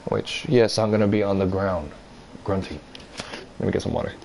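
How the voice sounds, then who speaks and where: A man's voice: normal speed, slight background noise, low-quality recording. A man telling a personal story in a casual, rambling way, swearing freely and acting out what others said. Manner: rambling, profane, animated retelling; acts out others' lines in a higher voice.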